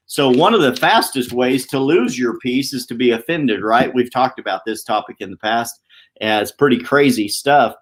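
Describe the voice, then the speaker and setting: A man hosting a weekly motivational live stream from a downtown office, talking fast and chatty. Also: medium pitch. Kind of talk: casual live-stream talk.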